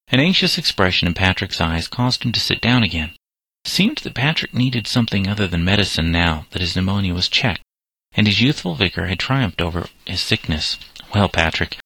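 A man narrating a novel as an audiobook, measured and steady. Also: low voice, dry recording, low-quality recording. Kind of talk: scripted narration.

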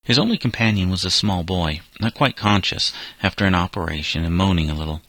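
A man reading a scripted story aloud in a measured, steady way. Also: low voice, no room sound, rough recording. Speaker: narrator.

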